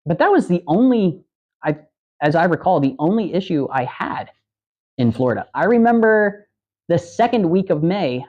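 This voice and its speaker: A man's voice: high voice, sing-song, normal speed, dull audio. A man hosting a livestream, telling rambling, profane anecdotes in a casual chat and acting out the quotes. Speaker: podcast host on a livestream.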